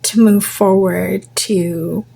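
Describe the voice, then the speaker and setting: Slow, gravelly-voiced woman reading tarot. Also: medium pitch, fairly even intonation, poor audio. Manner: slow and musing, trails off with fillers and repeats, soft and half-whispered at times. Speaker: tarot reader. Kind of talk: casual tarot card reading.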